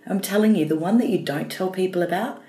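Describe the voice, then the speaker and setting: A woman's voice: fairly low pitch, fast, warm tone. A woman co-hosting a podcast, talking in an enthusiastic, encouraging way. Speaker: podcast co-host. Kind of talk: casual chat. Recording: roomy echo.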